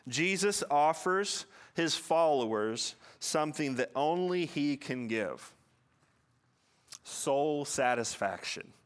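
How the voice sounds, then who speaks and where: Male pastor, slightly raised pitch, earnest sermon delivery with slow, stressed key lines. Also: expressive. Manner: earnest, repeats words, slows for emphasis.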